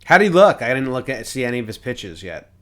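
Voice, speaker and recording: A man's voice: mid-range voice, big pitch swings, a little fast, fairly bright tone. A man hosting a casual baseball podcast, reading chat questions and stats with dry jokes. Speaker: host.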